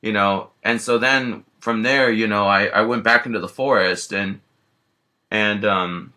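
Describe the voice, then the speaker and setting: A man tells a meandering first-person story as a bear character, circling back with frequent restarts and "you know" fillers. His voice sits a little low but has a bright, tense edge. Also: steady tone, a little slow.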